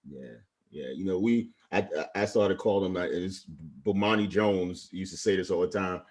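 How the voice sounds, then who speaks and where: A man's voice: deep voice, moderate pace. A man in his forties from Brooklyn, a retired Navy chief telling stories with passion and earnest feeling in a casual interview. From Brooklyn, New York. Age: 40s.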